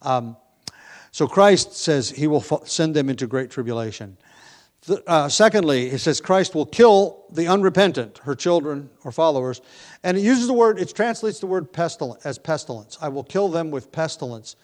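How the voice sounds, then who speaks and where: A man's voice: a little high, expressive, moderate pace. Man preaching a verse-by-verse sermon. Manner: reads scripture with rising emphasis, asides with light laughs; conversational with filler ums and restarts. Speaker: pastor. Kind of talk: expository sermon.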